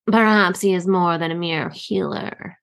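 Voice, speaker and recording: A woman voicing a groveling male royal spy master who speaks slowly in a simpering, ingratiating way. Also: lowish voice, a bit bright.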